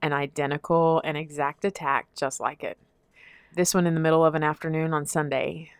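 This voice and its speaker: A woman telling a long personal story in casual chat, expressive and laughing often. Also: low voice, brisk, smooth, no echo. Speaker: podcast guest telling a story.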